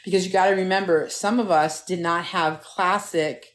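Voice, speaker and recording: A woman's voice: lowish voice, normal speed. A middle-aged woman hosting a live stream from a phone at home, chatting casually and telling stories with lots of swearing, talking straight to her viewers. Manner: animated, profane, talks straight to viewers. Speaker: TikTok live host.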